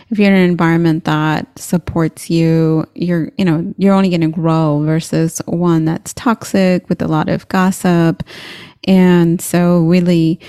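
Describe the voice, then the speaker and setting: A woman hosts a casual interview, chatting and encouraging her guest. Her voice sits a little low, and it is recorded dry and close with no room echo. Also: warm tone, smooth. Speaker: interview host.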